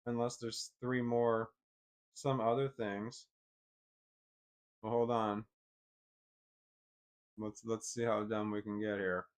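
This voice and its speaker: A man casually thinking aloud, reading definitions off a screen in a halting, self-deprecating way. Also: on the low side, little pitch movement, smooth. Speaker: vlogger.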